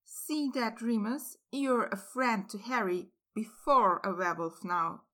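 A dry, teasing young woman, as the reader puts her on, lifted higher and brighter than the narration. She makes her remarks with light, knowing sarcasm. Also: unhurried. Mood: wry.

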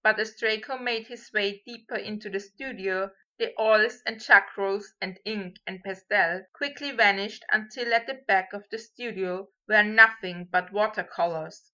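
Slow, bright-voiced woman reading a story. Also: mid-range voice, dull audio. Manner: measured, steady reading. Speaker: audiobook reader. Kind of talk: scripted story narration.

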